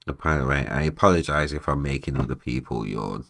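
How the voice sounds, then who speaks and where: A man's voice: extremely low pitch, a little fast, creaky, a bit bright, slight background noise. A man, chatting casually to his viewers during a live stream, swearing freely, tired and yawning. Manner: chatty, swears casually, talks to chat between tasks. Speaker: music producer streaming live.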